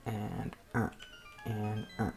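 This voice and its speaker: Creaky-voiced man rambling over gameplay. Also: lowish voice, fairly even intonation, extremely slow, over music. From New Jersey. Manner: rambling and hesitant, with many fillers and self-interruptions; mutters at the game under his breath. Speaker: let's play host. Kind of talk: casual gameplay commentary.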